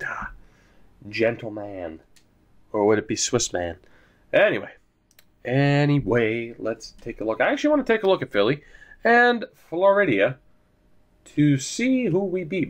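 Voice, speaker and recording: A young man casually commentating his hockey video game, joking and swearing, swinging from low mutters to sudden shouts. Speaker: gaming commentator.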